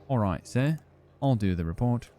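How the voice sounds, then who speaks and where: A man's voice: medium pitch, expressive, moderate pace, mellow, voice pushed up, natural voice. A man reading aloud for a polite young male office worker in a game, in a plain obliging way.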